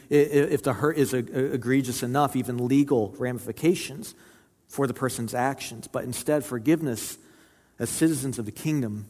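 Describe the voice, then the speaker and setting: A man's voice: medium pitch, big-room sound. A man preaching a sermon as pastor, earnest and repeating key words for emphasis.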